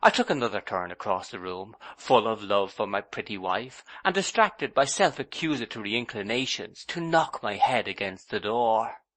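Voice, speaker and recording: Expressive male audiobook narrator. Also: lowish voice, normal speed, hardly any pauses. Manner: expressive first-person storytelling. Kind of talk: scripted narration.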